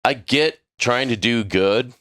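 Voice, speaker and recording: A man telling a crude, animated story in a casual podcast chat. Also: medium pitch, slow pace. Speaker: podcast crew member.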